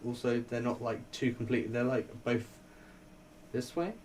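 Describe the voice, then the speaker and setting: A man giving a casual, rambling spoken review, full of fillers and quick laughs. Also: medium pitch, little pitch movement, darkish tone, recorded from a distance, a little hiss or hum. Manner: chatty, rambling, laughs often, many fillers. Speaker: vlogger reviewing a TV show.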